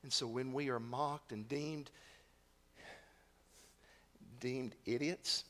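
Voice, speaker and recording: A male pastor preaching a sermon, swinging from hushed, almost whispered lines to loud, shouted exhortation. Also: mid-range voice, steady tone, slow pace.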